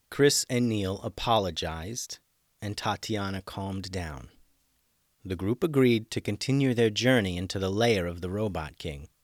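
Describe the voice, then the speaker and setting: A man hosting and narrating a children's adventure story with an expressive read-aloud manner. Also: low-pitched, no room sound, studio quality. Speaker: storyteller host.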